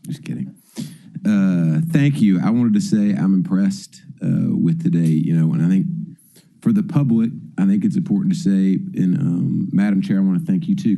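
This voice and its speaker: A man's voice: sits low, gravelly, dark tone. A councilman making loose, joking remarks of praise at a public budget hearing. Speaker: city council member.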